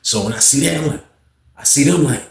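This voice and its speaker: A man telling a story in a casual, animated way, acting out the people in it. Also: medium pitch, a little fast, roomy sound. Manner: animated, acts out voices in his stories.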